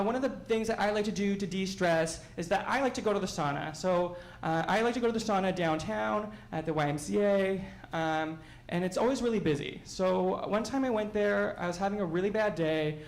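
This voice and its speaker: A man doing a stand-up set, telling stories in an animated, self-mocking way at a small live venue. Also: high voice, brisk, reverberant, poor audio. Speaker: stand-up comedian.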